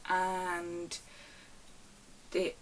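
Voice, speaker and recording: A young woman rants casually on her vlog, retelling customer service stories in a chatty, animated way from her bedroom at home. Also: fairly low pitch, extremely slow, recorded from a distance, a little hiss or hum, poor audio. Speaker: vlogger. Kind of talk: casual storytime rant.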